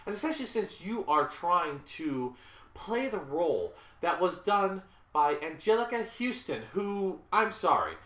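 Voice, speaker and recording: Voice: medium pitch, very animated, measured pace, fairly bright tone. A reviewer in their thirties from the American South, giving a blunt, casual movie rant and often saying sorry between complaints. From Southern United States. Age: 30s. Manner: blunt and exasperated, with repeated apologies. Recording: roomy echo.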